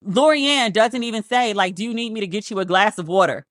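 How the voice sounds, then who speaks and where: Woman, sarcastic, swears a lot, animated review chat, dry close sound. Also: mid-range voice, fairly quick, no echo. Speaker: commentary host. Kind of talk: casual review commentary.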